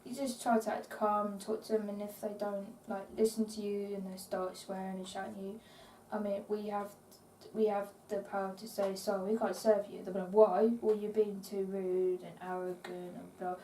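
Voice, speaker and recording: A woman co-hosting a casual podcast chat, talking in a relaxed, easygoing way. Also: mid-range voice, moderate pace, a little hiss or hum. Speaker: podcast co-host. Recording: echoey room, distant from the mic.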